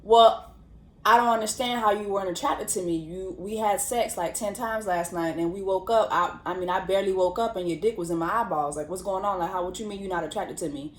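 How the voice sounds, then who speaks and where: A woman's voice: mid-range voice, fairly quick, echoey room, a little hiss or hum, voice pushed down, natural voice. A woman playing a sassy, brash newlywed bride. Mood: indignant. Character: newlywed young woman demanding breakfast.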